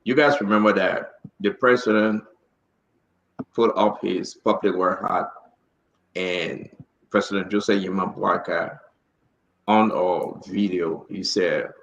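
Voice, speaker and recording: A man's voice: sits low, fairly even intonation, takes it slowly, pauses often, a bit bright. A man hosting a live political talk show, emphatic and pleading, repeating himself for effect. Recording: roomy echo.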